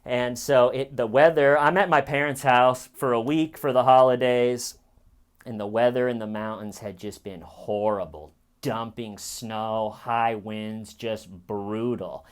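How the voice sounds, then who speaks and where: A man's voice: mid-range voice, fairly even intonation, unhurried, clean tone. A young man from Colorado, hosting a comedy podcast and telling stories in a rambling, chatty way with self-corrections. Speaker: podcast host. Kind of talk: comedic storytelling.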